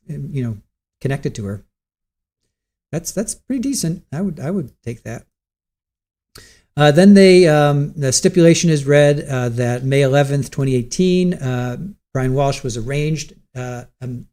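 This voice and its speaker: A man from Ohio hosts a casual livestream, chatting away and reading out viewer comments. His voice is mid-range with a warm tone.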